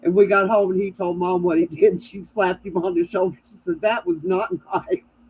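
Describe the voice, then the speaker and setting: A woman's voice: on the low side, little pitch movement, fairly quick, a little mellow, husky. A middle-aged woman telling family stories with laughs in a casual chat. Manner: storytelling, laughing at family anecdotes. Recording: dull lo-fi sound with faint noise.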